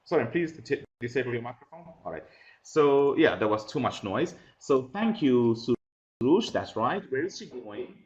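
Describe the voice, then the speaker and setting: Guy teaching english online, says things twice slow, kinda muffled lo-fi mic. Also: medium pitch, sing-song. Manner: patient, repeats questions and instructions slowly. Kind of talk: online class instruction. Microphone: computer mic on a video call. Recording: dull lo-fi video call audio.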